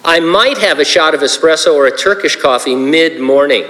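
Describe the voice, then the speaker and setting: A man's voice: on the high side, moderate pace, sharp tone, big-room sound, rough recording. A man preaching a sermon as pastor, conversational and joking, with asides to his congregation.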